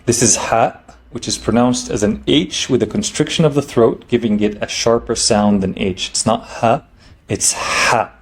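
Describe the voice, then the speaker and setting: A man explains letters in a language lesson, patient and methodical. He checks in with the listener often and slows right down when he models each sound. His voice sits at a middle pitch. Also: slight background noise. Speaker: Arabic teacher.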